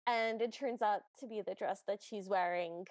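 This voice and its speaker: A woman's voice: medium pitch, normal speed, a little mellow, no room sound. A woman co-hosting a podcast, chatting casually as she retells a film's scenes with dry asides. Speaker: podcast co-host. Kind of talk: casual chat recapping a film.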